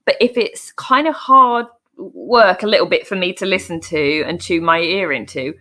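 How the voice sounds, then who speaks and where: A woman's voice: lowish voice, moderate pace, bright, forceful tone. A woman co-hosting a podcast in casual chat, talkative and self-deprecating, laughing often. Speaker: podcast co-host.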